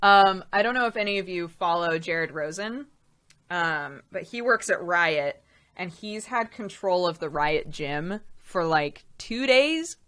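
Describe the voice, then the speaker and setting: A woman hosts her weekly stream in a casual, chatty way, drifting through loose, rambling stretches, laughing often, and pausing to thank viewers by name as she reads their chat handles. Her voice is fairly low, clear, and resonant, with a fairly bright tone, and she speaks animatedly at a measured pace.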